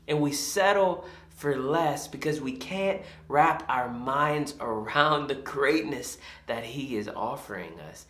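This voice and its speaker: An impassioned male pastor delivers a sermon, his voice swinging widely in pitch as he hammers home repeated phrases. The sound carries the echo of a large church sanctuary, with the reverb hanging on every line. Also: a bit bright. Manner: impassioned, emphatic and repetitive.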